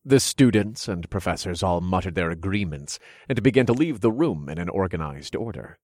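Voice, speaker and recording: A man narrating a first-person fantasy novel in a steady, measured reading on a close mic. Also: sits low, no echo. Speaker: audiobook narrator.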